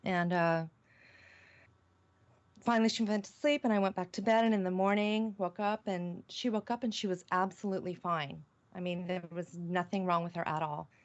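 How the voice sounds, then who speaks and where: A woman's voice: on the low side, steady tone, moderate pace. A middle-aged woman, a radio show guest, earnestly recounting a personal experience with many restarts. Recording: dull, lo-fi call-in audio.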